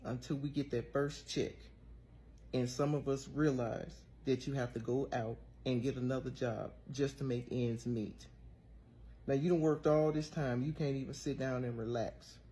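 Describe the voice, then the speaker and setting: A man's voice: medium pitch, warm tone, slight background noise. A man ranting in a weary, indignant tone. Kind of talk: complaining rant.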